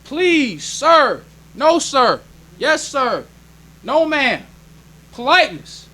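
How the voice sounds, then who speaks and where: A man's voice: very high-pitched, sing-song, extremely slow, pushed and bright. A man preaching a sermon as minister, emphatic and plainspoken, repeating his points. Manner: plainspoken, conversational delivery.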